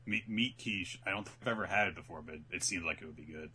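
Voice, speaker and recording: A man hosting a casual podcast chat, animated and acting out scenes. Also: deep voice, a little hiss or hum. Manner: animated, acts out scenes in quick voices. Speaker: podcast host.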